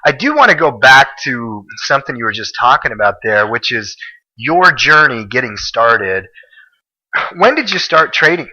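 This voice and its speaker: A man hosting a podcast, talking with his guest in a relaxed, conversational way. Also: medium pitch, normal speed, muffled recording. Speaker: podcast host. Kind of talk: casual interview talk.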